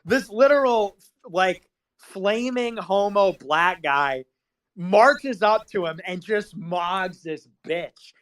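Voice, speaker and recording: A man hosting a casual stream chat, animated and rambling with lots of fillers. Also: high-pitched, slow. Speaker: podcast host.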